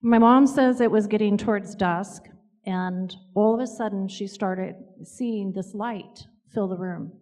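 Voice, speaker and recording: A woman telling personal stories in a gentle, reflective way, with pauses. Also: medium pitch, long reverb tail. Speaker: co-author and speaker. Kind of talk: storytelling talk.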